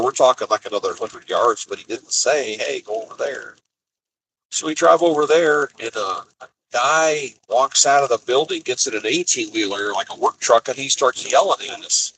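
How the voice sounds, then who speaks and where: A man's voice: mid-range voice, fairly quick, a bit bright, slight background noise, low-quality recording. A man driving a cargo van, telling the story of his frustrating morning in an exasperated, casual vlog monologue. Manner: exasperated storytelling, acts out quotes. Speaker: expedite van driver. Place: inside a cargo van on the highway.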